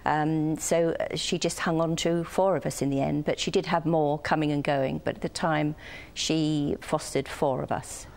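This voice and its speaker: An older woman from the United Kingdom, a guest on a TV interview, speaking softly and hesitantly with many pauses. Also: deep voice, fairly even intonation, creaky. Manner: soft-spoken, hesitant with many ums.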